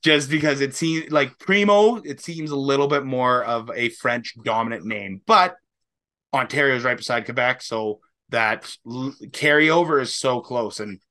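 Speaking at a measured pace, this young Canadian podcast co-host has a mid-range voice that comes across pushed and bright. He rambles through casual chat, with occasional laughs and swearing.

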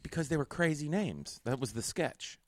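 A comedian hosting a podcast rambles through funny stories in casual comedic banter, laughing at his own bits in a large, empty hotel conference room. His voice is on the high side and animated, at a moderate pace, with a dry, studio-quality recording.

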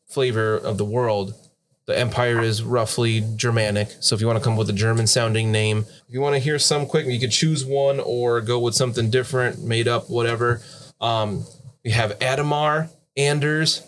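Male GM host, relaxed and chatty, laughs easily, steady mid-range voice. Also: medium pitch, a little hiss or hum. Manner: easygoing, laughs often, reads out lists. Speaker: game master and host. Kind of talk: casual tabletop game chat.

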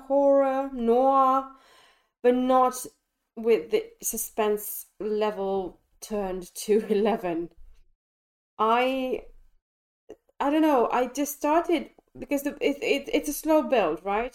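A podcast co-host, a woman, talks through a film she has just seen with bright enthusiasm. Her voice sits in an ordinary middle pitch, and she often breaks off and restarts her sentences as her thoughts tumble out. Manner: animated, enthusiastic, frequent restarts. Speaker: podcast co-host reviewing films. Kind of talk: casual film discussion. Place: London.

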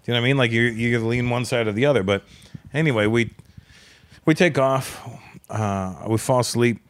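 A man in casual podcast chat, an animated storyteller who acts out the voices in his anecdotes. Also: mid-range voice, normal speed.

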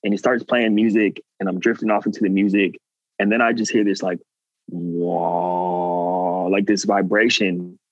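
Lowish man telling a story animatedly. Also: a little fast, dry recording, highs cut off. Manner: animated, earnest, acts out quotes. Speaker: guest. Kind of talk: casual storytelling.

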